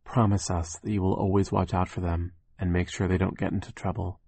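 A man voicing parents solemnly giving their eldest child a duty, in his own low, earnest voice. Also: level tone, brisk, vocal fry, warm tone, slightly rough, full character voice.

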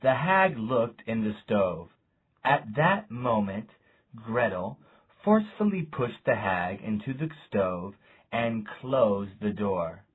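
Male storybook narrator, deliberate and lively in pitch, slightly low, lo-fi audio. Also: husky. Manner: slow, deliberate, lively intonation. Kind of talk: storybook reading.

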